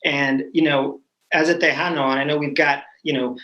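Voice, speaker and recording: A male host with a somewhat high voice leads a casual discussion. He talks in a friendly, loose way, often restarting his sentences as he goes. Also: flat delivery, normal speed, bright, forceful tone, muffled recording. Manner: friendly, rambling with many restarts.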